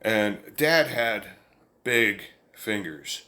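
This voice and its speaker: Guy with a lowish voice, rambling folksy storytelling, chuckles a lot. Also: lively intonation, extremely slow, pushed and bright. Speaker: vlogger telling a family story. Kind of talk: casual storytelling. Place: indoors, room with an amplifier.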